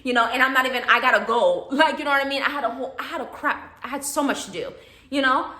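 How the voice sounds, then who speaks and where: A young woman telling a storytime vlog, animated, often asking "okay?" and swearing casually. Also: sits high, quick pace, echoey room.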